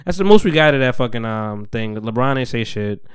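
Smooth-voiced man rambling on a podcast. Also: medium pitch, expressive, fairly quick, dry recording. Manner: rambling, profane storytelling with many fillers. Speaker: podcast host. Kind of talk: casual chat.

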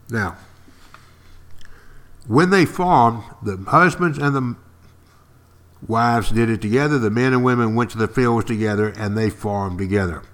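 An older man with a fairly low, fairly bright voice teaches history to podcast listeners in a lively, classroom-style talk. He speaks emphatically, repeats key words, and poses questions to his audience.

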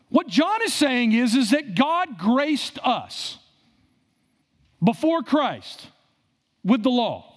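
A male pastor preaching a sermon, asking the congregation questions and repeating phrases for emphasis. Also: high-pitched.

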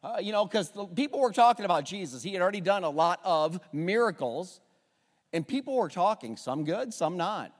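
A man preaching in an echoey church sanctuary, his voice sitting a bit high and swinging widely as he calls out for the congregation to repeat after him. The long reverb of the hall trails each line. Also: fairly quick. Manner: animated, call-and-response with congregation. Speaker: pastor. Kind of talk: sermon introduction.

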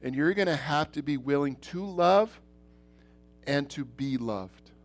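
A middle-aged man preaching a church sermon, earnest, repeating himself, swinging between loud and soft. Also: a little high, animated, measured pace, faint music behind. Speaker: pastor.

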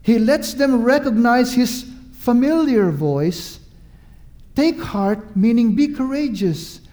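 A man's voice: very high voice, lively intonation, takes it slowly, dark tone. A man preaching a sermon, emphatic and repetitive, drawing out his words and asking the listeners questions.

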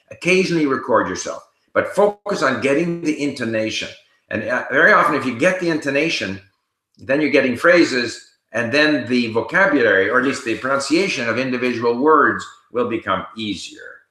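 A man hosting a casual live Q&A, reading viewer questions aloud and answering them in a relaxed, explanatory way while he thinks aloud. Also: mid-range voice, reverberant, rough recording.

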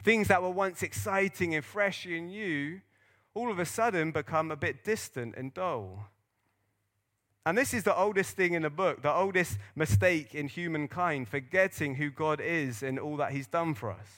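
A male pastor preaching a sermon to his congregation in an earnest, animated storytelling manner. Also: a little high, moderate pace.

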